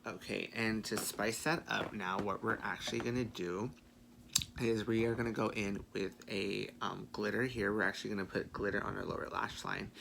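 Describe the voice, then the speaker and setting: Sassy gravelly-voiced man doing makeup. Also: fairly low pitch, slight background noise. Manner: sassy, chatty, swears playfully, frequent quiet muttered asides. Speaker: makeup vlogger. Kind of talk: makeup tutorial chat.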